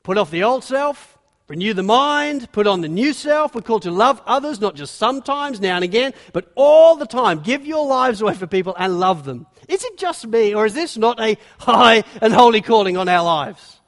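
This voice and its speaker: A man preaching a sermon as pastor, emphatic and animated, telling the story with energy. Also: high voice, normal speed. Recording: long reverb of a large hall.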